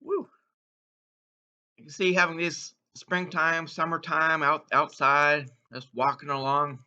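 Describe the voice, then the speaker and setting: Bright-voiced man whooping over candy, lo-fi. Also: a little high, level tone. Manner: exuberant, whoops between bites, slow savoring remarks. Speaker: candy taste-test vlogger. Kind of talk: casual taste-test commentary.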